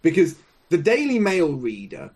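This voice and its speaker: A man speaks slowly and sardonically as a guest in a political chat. His slightly high, husky voice moves widely in pitch. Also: wildly swooping pitch, darkish tone.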